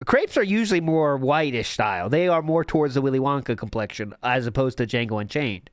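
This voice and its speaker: A man's voice: mid-range voice, brisk, dry recording, clean studio sound. A man hosting a stream, chatting casually and jokingly while reacting to food videos. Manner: playful, jokey, animated. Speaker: stream host.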